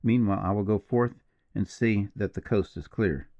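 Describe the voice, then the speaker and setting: A man voicing a grave, brooding partisan officer in an audiobook, speaking slowly and in a measured, mournful way. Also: fairly low pitch, dark tone, dry recording, muffled recording, close to an everyday voice. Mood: commanding. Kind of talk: audiobook character reading.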